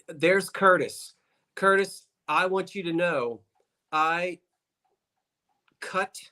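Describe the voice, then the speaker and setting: Bright and forceful, with a fairly high pitch, this man chats and rambles as a guest on a casual video call livestream. He comes from South Jersey, USA, and speaks with a Delaware Valley accent.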